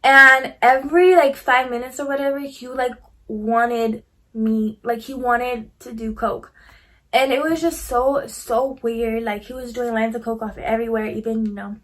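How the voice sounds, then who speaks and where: A young woman recounts a story in loose, chatty talk, leaning on "like" constantly and throwing in curses. Her voice sits a little high for a woman. She slips into quoting herself and others as she goes. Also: steady tone, a little slow, fairly bright tone. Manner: chatty, heavy use of "like", swearing, quoting herself. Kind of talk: casual storytelling.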